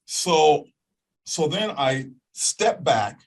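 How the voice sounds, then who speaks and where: Lively husky man telling a story. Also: a little high, drawn-out words, poor audio. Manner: lively, acts out voices and sounds, checks in with "okay?". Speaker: guest telling a personal testimony. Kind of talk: animated storytelling.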